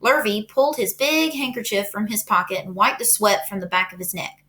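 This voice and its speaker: A woman's voice: medium pitch, fairly quick, bright, forceful tone. A woman teacher reading a children's book aloud, casual and chatty, with fillers. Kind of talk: storybook read-aloud.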